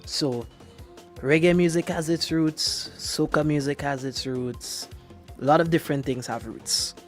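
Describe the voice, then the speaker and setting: Animated radio DJ man. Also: on the high side, a little slow, soft background music. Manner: playful, animated, teasing. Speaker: radio DJ and host. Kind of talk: morning radio banter.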